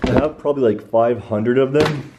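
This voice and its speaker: A man chatting casually and upbeat to his viewers in a home vlog, switching to a high sing-song praise voice for his puppy. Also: moderate pace, lo-fi sound, background noise. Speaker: vlogger.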